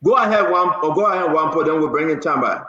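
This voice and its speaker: A man's voice: fairly high pitch, quick pace, a crowd in the background. A man hosting a heated political talk show, firing rhetorical questions and steering the guests. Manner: emphatic, rhetorical, moderating callers. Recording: very echoey, dull lo-fi audio.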